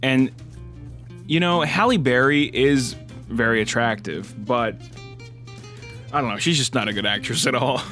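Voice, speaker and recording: Bright-voiced young man rambling about movies. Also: medium pitch. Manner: chatty and rambling, frequent "like" fillers, laughs often. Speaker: movie reviewer. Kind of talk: casual spoken film review.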